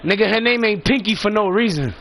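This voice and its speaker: Man, high-pitched, rambling and profane, emphatic casual storytelling. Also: a little fast, fairly bright tone, slight background noise.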